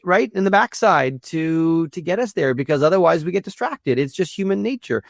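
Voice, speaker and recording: A man speaking as a guest in a conversational interview, earnest and prone to repeating words as he thinks, with a gravelly voice. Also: high voice, dry recording, studio quality. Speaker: guest, institute executive director.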